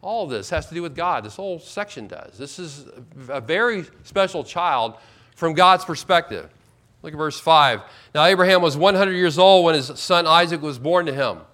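A man preaching a sermon as pastor, emphatic, slowing right down to stress key words. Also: on the high side, expressive, pushed and bright. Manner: emphatic, with slow drawn-out stresses.

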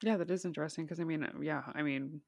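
A woman's voice: low voice, steady tone, fast talker, gravelly, darkish tone, breathy edge, no room sound. A young woman co-hosting a casual chat over a video call, wry and laughing, with frequent swearing.

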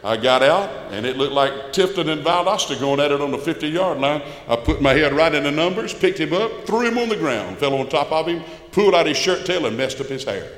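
A man's voice: a little high, expressive, brisk, few pauses. Southern man telling a church testimony. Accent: Southern US, Georgia. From South Georgia, USA. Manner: folksy storytelling, swinging from loud to hushed. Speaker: guest speaker giving a testimony. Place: church sanctuary. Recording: roomy, echoing church hall.

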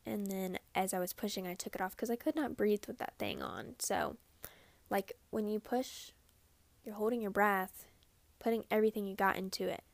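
A young woman with a gravelly, medium-pitched voice speaks at normal speed, with no room sound, recounting her birth story. She's chatty and casual, saying "like" a lot and acting out quoted lines.

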